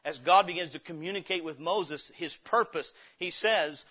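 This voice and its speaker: A male pastor preaching with a high, bright, ringing voice that swells louder as his points build. The church recording is dull and lo-fi. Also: normal speed, few pauses. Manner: impassioned preaching, swelling louder and higher at climaxes. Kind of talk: sermon.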